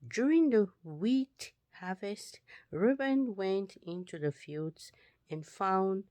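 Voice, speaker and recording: A woman reading a scripture passage aloud, slow and deliberate, sometimes dropping to a whisper. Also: medium pitch, lively intonation, mellow, dry recording. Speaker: Bible reader.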